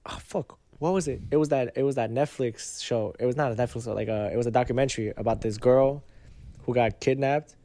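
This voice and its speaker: A young man chatting on a podcast, retelling a story in a lively, slangy way, swearing often and acting out what people said. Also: medium pitch, brisk. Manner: animated, slangy, swears a lot, acts out quotes. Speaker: podcast co-host. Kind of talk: casual chat, storytelling.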